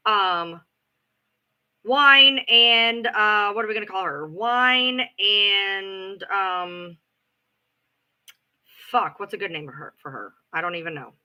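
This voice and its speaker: A woman's voice: medium pitch, sharp tone, low-quality recording. A woman hosting a livestream, telling a story in a blunt, sarcastic and profane way. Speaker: livestream host. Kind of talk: ranting livestream chat.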